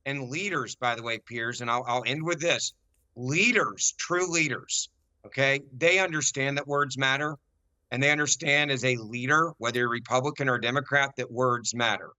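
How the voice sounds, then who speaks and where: An American man arguing forcefully as a guest on a political debate show, emphatic and repeating his key points. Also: mid-range voice, normal speed, no room sound. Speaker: panel guest.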